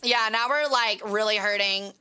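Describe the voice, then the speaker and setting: A woman's voice: medium pitch, moderate pace, pushed and bright. A woman streaming a strategy game, talking casually and rambling, with frequent swearing. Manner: chatty, profane, rambling. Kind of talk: casual gaming livestream commentary.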